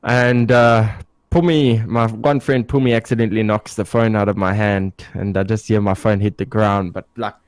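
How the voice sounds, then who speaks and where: A man's voice: lowish voice, moderate pace, smooth, no echo. Swearing young man storyteller. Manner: animated storyteller, swears freely, acts out quotes loudly. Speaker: podcast co-host. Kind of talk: casual chat.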